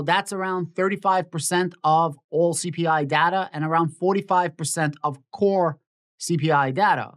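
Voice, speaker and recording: A man talks through market news on his own channel in a casual, explanatory tone. He is opinionated and keeps circling back to the predictions he says he made. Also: fairly high pitch. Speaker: stock market YouTuber. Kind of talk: casual finance commentary to camera.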